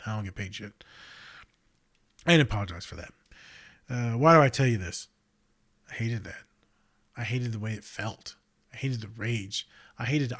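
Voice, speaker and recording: Blunt, profane man talking casually. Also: on the low side. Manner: blunt, profane and animated, swings between loud outbursts and quiet reflection. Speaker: podcast host and counselor. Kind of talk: casual monologue.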